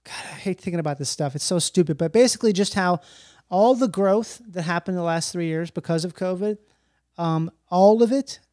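High-voiced, profane comedian guest. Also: male voice, fairly quick, dry recording, clean studio sound. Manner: animated, profane, rambling. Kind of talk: casual podcast chat.

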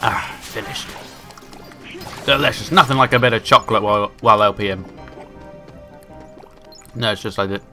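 A man's voice: on the low side, normal speed, pauses often, pushed and bright, soft background music. A man from England, chatting and joking while playing a video game. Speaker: let's play commentator. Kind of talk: casual gameplay commentary.

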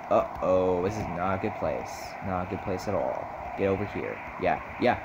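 A man giving rambling, excitable gameplay commentary, swinging from mumbles to sudden yells. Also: low voice, moderate pace, muffled recording. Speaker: gamer. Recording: noisy recording.

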